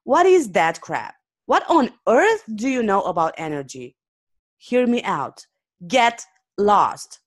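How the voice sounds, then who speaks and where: A woman reading aloud and voicing an angry, distrustful man who owns the place and shouts dismissively. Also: mid-range voice, sing-song, moderate pace, pitched above the performer's own voice. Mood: furious.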